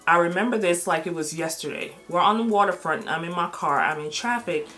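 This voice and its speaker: A woman's voice: on the low side, lively intonation, fairly quick, a bit bright. A middle-aged woman vlogger telling a personal story in a casual, candid way, blunt and swearing freely.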